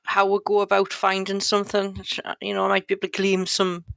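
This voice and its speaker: A woman takes part in a tabletop game, speaking in a tentative, polite way. Her voice is strongly gravelly with fry, and it sounds very dry and close. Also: mid-range voice, completely flat delivery, brisk, fairly bright tone, dry recording. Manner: polite, tentative in-character speech. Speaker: player.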